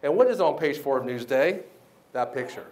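A man giving a motivational banquet speech, telling his story with lively acted-out quotes. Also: mid-range voice, normal speed. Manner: animated storyteller, acts out quoted voices. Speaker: keynote speaker. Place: banquet hall.

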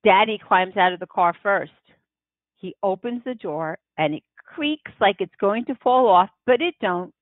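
A woman reading a children's novel aloud in the first person, unhurried and expressive. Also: mid-range voice, no room sound. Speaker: audiobook reader. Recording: tinny phone-like dry sound.

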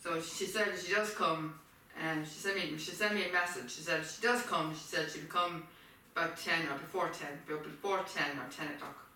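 A woman's voice: low voice, steady tone, brisk, few pauses, pushed and bright, a little hiss or hum. A woman rambling and repeating herself in a casual home video, with a frog in her throat. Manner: repetitive, circling back over the same points. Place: home kitchen. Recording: echoey kitchen, distant mic.

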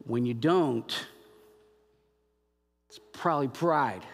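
A man preaching a sermon as pastor, animated and acting out biblical dialogue in quoted voices. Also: mid-range voice. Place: church sanctuary. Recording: long hall reverb.

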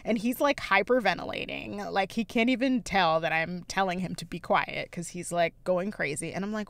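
A woman's voice: on the low side, moderate pace, few pauses, no room sound. A young woman vlogging casually, chatting to viewers and telling stories with frequent laughter. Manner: chatty storyteller, laughs often, addresses viewers. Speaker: planner vlogger.

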